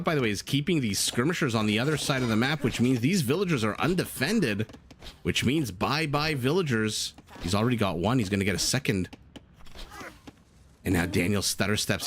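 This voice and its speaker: A man's voice: on the low side, a little hiss or hum. A man casting a strategy game live, chatting and laughing with his viewers between plays. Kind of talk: live esports commentary with chat.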